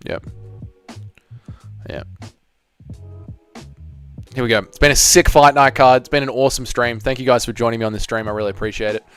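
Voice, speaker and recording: With a clean, medium-pitched voice, this Australian livestream host in his thirties jokes around and swears while bantering with his chat during a casual watch-along. Faint background music plays.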